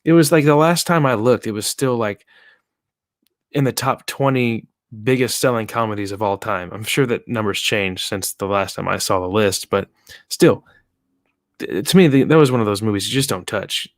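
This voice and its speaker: A man guest on a casual podcast, talking with animated energy and quoting film lines. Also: on the low side, normal speed, no echo, clean studio sound. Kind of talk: casual chat.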